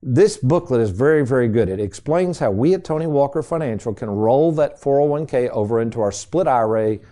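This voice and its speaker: Folksy mellow-voiced man radio host. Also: mid-range voice, animated, fairly quick. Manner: folksy, addresses listeners as folks. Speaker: radio show host and financial advisor. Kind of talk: casual storytelling radio talk.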